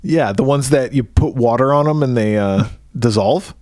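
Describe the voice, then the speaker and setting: A man's voice: medium pitch, normal speed, darkish tone, no echo, clean studio sound. A man co-hosting a podcast, chatting casually about a movie, crude and jokey, often acting out scenes in silly voices. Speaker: podcast co-host.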